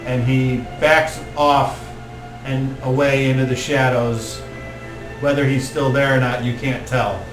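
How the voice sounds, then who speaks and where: A man narrating a tabletop game as game master in a slow, descriptive way. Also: medium pitch, level tone, over music. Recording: echoey room, mic from far off, faint noise.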